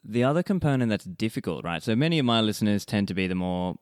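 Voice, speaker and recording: A man with a low voice hosts a podcast and puts questions to his guest in an easygoing, conversational way. He is recorded dry and close, with no room sound. He laughs easily between points. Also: sing-song, fast talker, clean tone, no echo. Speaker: podcast host. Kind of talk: casual interview.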